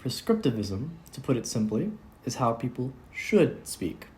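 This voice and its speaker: A man voicing an old-fashioned male vampire who speaks in a measured, formal, pedantic way. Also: mid-range voice, big pitch swings, a little mellow, slight background noise. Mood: lecturing. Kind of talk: amateur audio drama.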